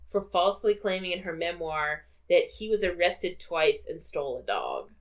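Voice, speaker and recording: Brief: woman film-podcast co-host, slightly low pitch, loose chatty delivery, laughs easily. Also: very animated, normal speed. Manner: chatty, laughs often, many fillers. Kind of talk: casual film discussion.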